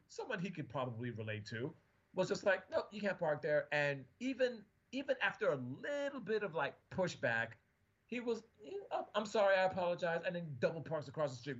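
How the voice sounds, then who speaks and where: Man, mid pitch, casual rambling storyteller, slightly dull recording. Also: slightly rough. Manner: rambling, animated retelling with fillers.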